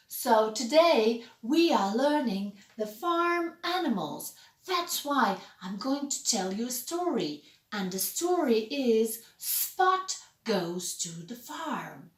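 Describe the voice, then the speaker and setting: Woman, teacher, high voice, slow storytelling, echoey room, far from the mic. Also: very animated. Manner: gentle, slow, addressing children. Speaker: English teacher. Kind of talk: storytelling for young children. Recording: roomy echo, distant from the mic.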